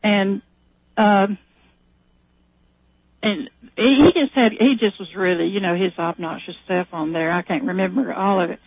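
A woman's voice: medium pitch, unhurried, long pauses, noisy background. A woman on a call, chatting casually and retelling a story with many fillers and restarts. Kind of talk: casual chat. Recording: tinny phone line.

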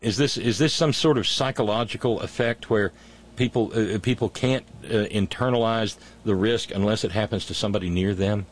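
A man's voice: on the low side, moderate pace. A man hosting a talk show, giving sarcastic, indignant commentary and bringing in callers. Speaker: radio show host.

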